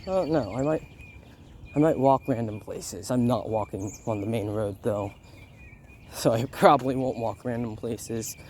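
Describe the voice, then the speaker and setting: A man's voice: mid-range voice, measured pace, darkish tone, a little hiss or hum. A young man hosting a casual vlog while walking outdoors, slightly sick, rambling and interrupting himself with frequent laughs. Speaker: vlog host. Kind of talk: casual rambling walk-and-talk. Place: outdoors on a neighborhood walk. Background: birds and a barking dog outdoors.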